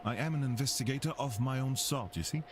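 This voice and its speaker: A man's voice: mid-range voice, quick pace, natural voice. An actor playing a scheming, self-assured male French investigator in a video game, speaking formally in a French accent and slipping in French phrases. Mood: confident. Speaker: game character. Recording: game audio with noisy ambience.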